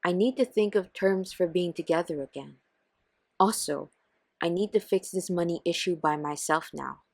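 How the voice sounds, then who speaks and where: A woman voicing a betrayed husband in a scripted text-story reading, firm and measured. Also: fairly low pitch, gravelly, darkish tone, dry recording, clean studio sound. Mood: stern. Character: stern, betrayed husband and father.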